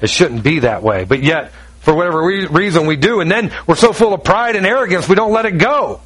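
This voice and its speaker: High-voiced emphatic male preacher. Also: expressive, a little fast, fairly bright tone, breathy edge, low-quality recording. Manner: emphatic, conversational preaching with rhetorical questions; acts out quoted voices. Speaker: pastor. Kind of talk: sermon.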